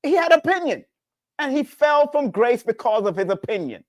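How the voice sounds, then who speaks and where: A man's voice: normal speed, no room sound. Guy preaching about numbers, repeats himself a lot, voice jumps up n down, dry close mic. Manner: preachy, repetitive, animated swings in pitch. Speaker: spiritual numerology teacher. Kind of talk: casual spiritual talk.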